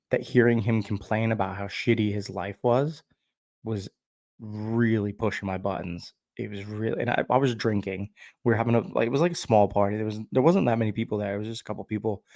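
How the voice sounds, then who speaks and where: A man's voice: lowish voice, darkish tone, no room sound. A man vlogging a candid personal story in a rambling, frank way, with fillers, restarts and swearing. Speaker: vlogger sharing his recovery story.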